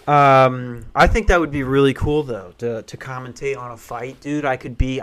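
A man's voice: mid-range voice, fairly even intonation, moderate pace, few pauses, a bit bright, smooth. A man in his twenties hosting a podcast alone from a small back office, rambling and swearing, laughing at his own jokes. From western Pennsylvania. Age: 20s. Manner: profane, rambling, laughing at himself. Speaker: podcast host. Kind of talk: casual podcast rant.

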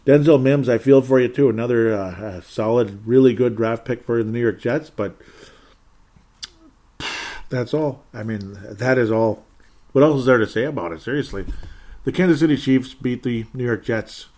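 A man talks through the week's football results on his own podcast, in an average-pitched voice. He rambles and turns sarcastic, sighing and chuckling between scores. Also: moderate pace, warm tone. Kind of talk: casual solo sports recap.

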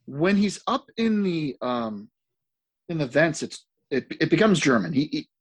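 Give me a man with a husky voice, dry and halting, griping in a casual podcast chat. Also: a little high, sing-song. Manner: halting, repeats words, dry complaints. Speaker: podcast co-host. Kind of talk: casual movie discussion.

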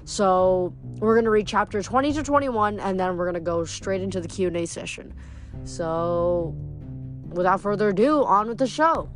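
A woman's voice: medium pitch, moderate pace, faint music behind. A young woman hosting a reading channel, recapping casually with fillers and then reading a novel aloud. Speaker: book reader.

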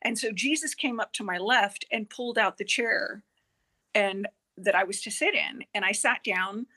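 A woman guest on a podcast telling a personal experience, earnest and halting, with many fillers and quoted dialogue. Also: mid-range voice. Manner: earnest, halting, with frequent fillers and self-corrections; quotes herself and others in lively dialogue.

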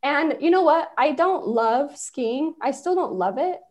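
A woman's voice: high voice, animated, a little slow. A woman from Utah, a podcast guest, telling personal stories in casual conversation and laughing often as she talks.

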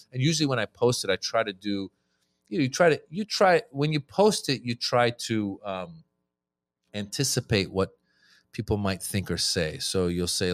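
A man's voice: mid-range voice, dry recording. A man guest on a podcast, a comedian telling stories in casual chat and acting out his exchanges with audiences. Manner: animated storyteller, acts out crowd-work exchanges.

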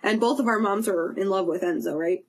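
A woman's voice: medium pitch, a little fast, slight background noise. A young woman co-hosting a podcast, chatting casually and gushing about fan events, laughing often. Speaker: podcast co-host. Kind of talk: casual chat.

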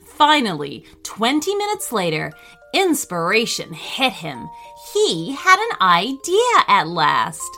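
Soft music plays faintly as a woman gently reads a children's tale, unhurried and deliberate. Her voice is bright and clear, pitched a little high, and it rises and falls with lively expression.

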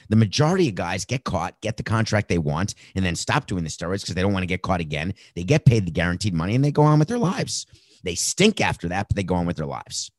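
A man's voice: low voice, dry recording. A man hosting a sports talk show, giving sarcastic, incredulous commentary with laughing asides. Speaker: host.

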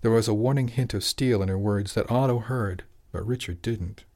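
A man narrating an audiobook in an even, measured storytelling voice. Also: lowish voice.

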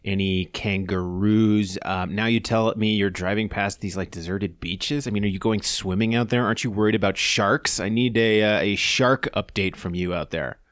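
A man hosting a podcast, talking in a quick, upbeat, chatty way as he opens the show and questions his guest. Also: fairly low pitch, fairly bright tone, dry recording, clean studio sound. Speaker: podcast host. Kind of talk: casual podcast interview. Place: Boulder, Colorado studio.

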